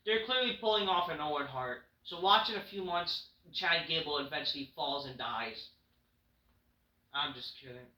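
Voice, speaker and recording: Blunt, dismissive man with a sharp voice. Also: fairly high pitch, moderate pace. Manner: blunt, dismissive, frequent swearing. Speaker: wrestling show reviewer. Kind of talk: casual profane rant. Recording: roomy echo.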